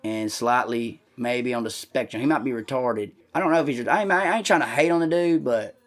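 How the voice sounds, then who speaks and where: Loud, foul-mouthed man telling stories. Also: mid-range voice, fairly quick. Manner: profane, rambling, swears constantly; talks loud. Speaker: podcast host. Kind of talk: casual comedic storytelling.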